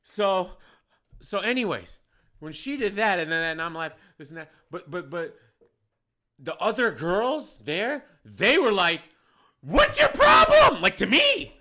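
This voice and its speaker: A man who owns a bar tells an animated, profane story with lots of emphasis and some laughter. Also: sits high, unhurried. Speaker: bar owner.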